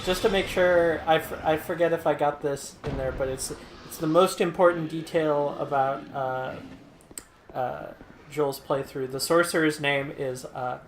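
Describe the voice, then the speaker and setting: A man with a higher voice chats about a game in a halting, hesitant way. A faint hiss sits under his voice. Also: steady tone. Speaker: podcast guest. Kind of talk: casual gaming chat.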